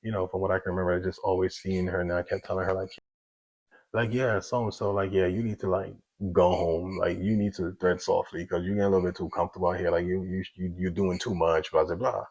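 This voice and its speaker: A young adult man recounting a personal story in a low voice with a gravelly edge. His delivery is loose and conversational, packed with fillers. He acts out both sides of remembered conversations as he goes. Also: flat delivery, fast, darkish tone, low-quality recording. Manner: conversational, full of fillers and quoted back-and-forth. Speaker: storyteller sharing a personal testimony. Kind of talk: casual spoken storytelling.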